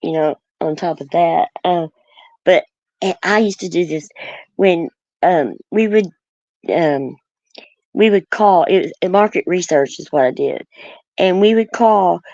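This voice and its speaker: A woman's voice: lowish voice, a little slow, pauses often, dark tone, no echo, muffled recording. A woman from Oklahoma with a country accent, chatting casually as a guest and rambling through many fillers and restarts. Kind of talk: casual chat.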